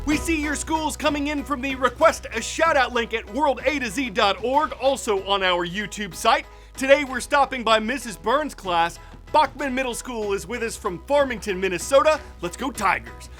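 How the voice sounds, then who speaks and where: A man hosting a news show, reading scripted narration in a crisp, measured delivery. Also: very high voice, lively intonation, fairly bright tone, soft background music.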